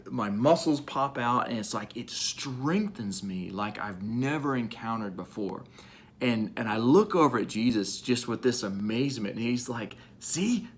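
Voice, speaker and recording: A man vlogging for a church community, telling a vivid first-person faith story in a casual way. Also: medium pitch.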